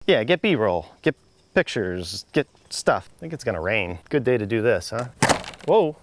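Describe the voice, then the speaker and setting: A man's voice: lowish voice, big pitch swings, a little slow, dry recording. A man hosting home repair videos, chatting casually and muttering in an exasperated, self-mocking way while he works outdoors.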